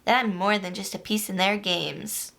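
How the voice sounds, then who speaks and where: A woman mimicking a gentle, earnest teenage boy in a mock-dramatic paraphrase. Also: medium pitch, steady tone, normal speed, gravelly.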